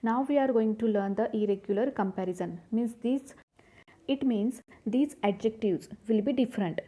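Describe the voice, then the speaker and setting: A woman's voice: a little high, normal speed, mellow. A woman teaching a grammar lesson, patiently repeating each rule and asking the class questions. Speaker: English teacher. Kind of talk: grammar lesson explaining rules.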